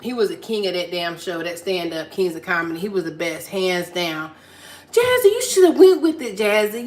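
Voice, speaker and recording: Woman, live-stream host at home, warm chatty encouragement, repeats herself; phone audio in a reverberant room. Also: mid-range voice. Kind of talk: casual chat reading viewer comments. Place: at home while cleaning. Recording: echoey room.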